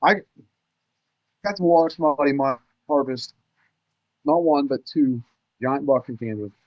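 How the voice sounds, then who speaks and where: A man guesting on a podcast, telling hunting stories in an animated, excitable way with casual cursing. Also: mid-range voice, unhurried, no room sound, dull audio. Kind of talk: casual storytelling chat.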